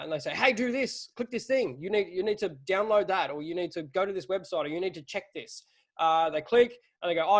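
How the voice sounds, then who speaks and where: A man in a relaxed webinar chat. His voice sits a little high, and he explains things bluntly and with energy, dropping the odd casual swear word. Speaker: webinar host.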